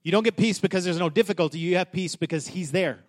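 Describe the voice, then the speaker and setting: A high-voiced man preaching a sermon. He talks passionately, stumbling over restarts and repeating key words. His delivery swings from soft, close asides to loud, soaring declarations. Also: fast talker. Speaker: pastor.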